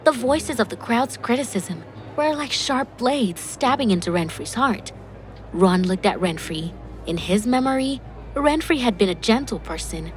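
A woman's voice: on the high side, expressive, a little slow, slight background noise. A woman reading a dramatic story as narrator. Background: faint background music.

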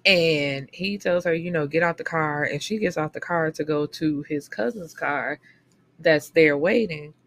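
A woman with a slightly low voice tells a book's plot in a loose, animated way, swearing freely and slipping into the characters' lines as she goes. It is casual talk for a book podcast, with faint noise in the background. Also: unhurried. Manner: animated storytelling, profane, swings into character quotes.

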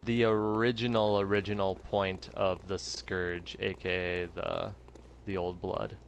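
Low-voiced man chatting over a game. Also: little pitch movement, measured pace, vocal fry, slight background noise. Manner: musing, swears when startled. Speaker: streamer. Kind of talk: casual gaming chat.

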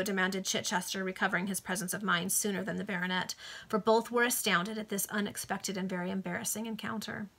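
Bright-voiced woman reading a novel aloud. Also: mid-range voice, level tone, quick pace. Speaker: reader. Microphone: video call.

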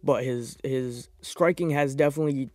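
A young man hosting a podcast, reviewing fights in a profane, rambling, excitable casual monologue. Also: medium pitch, moderate pace, no echo, faint music behind. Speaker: podcast host.

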